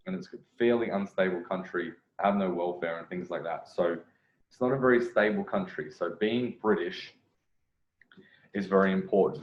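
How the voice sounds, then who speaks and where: A man commenting on a video clip as a dating coach, rambling, correcting himself and repeating phrases. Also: sits low. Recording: echoey room, dull lo-fi sound.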